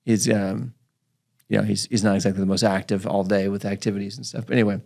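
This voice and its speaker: A man's voice: lowish voice, quick pace, vocal fry. A man hosting a physical therapy podcast, telling a patient story in casual chat and acting out the patient's lines. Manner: animated storyteller, acts out his patient's lines.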